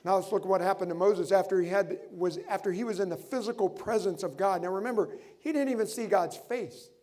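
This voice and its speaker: A middle-aged man preaching a sermon to his congregation, animated, asking the room rhetorical questions. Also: high voice, a little fast. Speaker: pastor.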